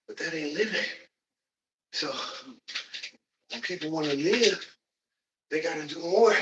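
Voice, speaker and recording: A man huffs and puffs through a workout as he preaches encouragement, breaking into loud whoops between lines. His voice is bright and raised a touch higher than usual for a man. He sits at a distance from the microphone. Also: slight background noise. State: out of breath from exercising. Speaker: livestreamer leading a workout. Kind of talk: motivational workout talk. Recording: voice distant from the mic.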